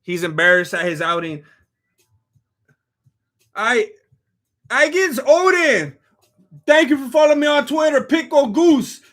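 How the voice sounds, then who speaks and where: High-pitched, bright, ranting man. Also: a little slow, long pauses. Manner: animated, ranting, often shouting; thanks followers by name between rants. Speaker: live fight companion streamer. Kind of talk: live reaction commentary.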